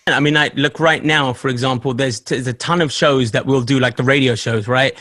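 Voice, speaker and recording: A man hosting a podcast in casual chat, telling stories in an animated way with laughter and swearing. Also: medium pitch, a little fast, hardly any pauses, dry recording. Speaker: podcast host.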